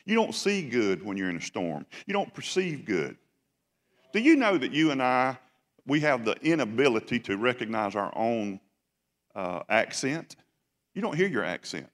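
A man's voice: medium pitch, big pitch swings, moderate pace, fairly bright tone. A pastor delivers a Sunday sermon with a mid-range voice, pressing his points through repeated phrases and questions to the room. His voice carries into the long reverb of a large church sanctuary. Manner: emphatic, repetitive preaching with rhetorical questions. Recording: long echo of a church hall.

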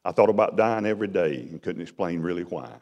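A middle-aged man preaching a testimony, dramatic and storytelling, his voice swinging from loud to hushed. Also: low-pitched, fast, muffled recording. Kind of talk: sermon testimony. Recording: long hall reverb.

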